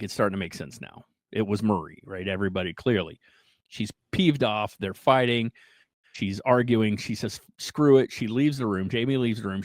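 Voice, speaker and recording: A man hosting a podcast, casually retelling a strange story in an animated way, often checking in with "right?" and "like". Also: lowish voice, no room sound, low-quality recording. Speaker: podcast host.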